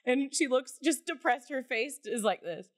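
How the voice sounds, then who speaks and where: A woman co-hosting a casual podcast tells a long story in an animated, chatty way. Her voice sits a little high. She laughs often and swears now and then. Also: moderate pace. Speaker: podcast co-host.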